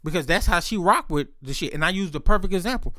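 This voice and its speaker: Man, fairly high voice, dry close recording, profane rambling casual monologue. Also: expressive, fast, sharp tone, no echo. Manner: profane, rambling, laughs between lines.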